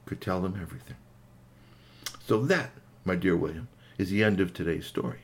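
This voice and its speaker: An older man telling a bedtime story to children, animated, with playful sound effects. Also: mid-range voice.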